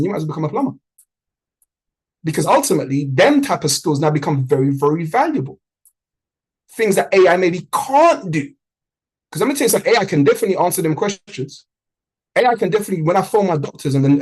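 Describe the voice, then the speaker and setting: A man's voice: high voice, husky, poor audio. A man leading a trading community on a group video call. He talks in a punchy, motivational way and repeats lines for emphasis.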